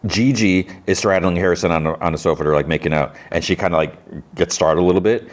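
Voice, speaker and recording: A deep-voiced man hosts a podcast and recaps a TV episode. He rambles casually and fills his retelling with "like" and "uh". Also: fast. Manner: rambling, filler-heavy retelling. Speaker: podcast host.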